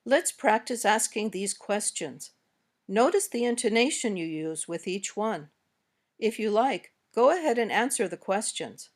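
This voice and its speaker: Female narrator, American accent, mid pitch, slow careful lesson delivery. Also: animated. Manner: slow, carefully modeled example sentences. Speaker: English teacher.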